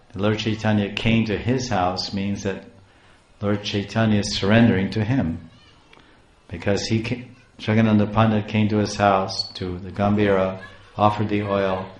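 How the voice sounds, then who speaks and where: A male preacher retells a devotional story in a lively, emphatic way. His voice sits somewhat low. It carries a roomy echo.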